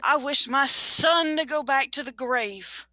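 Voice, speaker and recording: A woman's voice: fairly high pitch, lively intonation, normal speed, pushed and bright, no echo. A woman voicing a stern, fearful husband who firmly warns against a curse. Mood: desperate. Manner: firm, warning.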